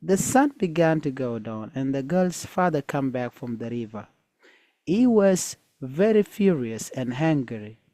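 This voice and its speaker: Slow, mellow-voiced man reading a folktale. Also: mid-range voice, expressive, no echo. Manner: hesitant, with many fillers. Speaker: storyteller and teacher.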